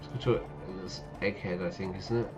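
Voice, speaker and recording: A man's voice: deep voice, fairly even intonation, fairly quick, over music. A man streaming a game and teaching English, playfully explaining words with many yeah? asides. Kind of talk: casual commentary while playing. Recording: dull lo-fi mic with faint noise.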